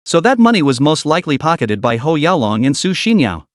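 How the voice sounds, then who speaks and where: Brief: a stern male executive who snaps and scolds, played by a male narrator, lively pitch, dry close sound. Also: fairly quick, no echo. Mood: explaining. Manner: cold, commanding.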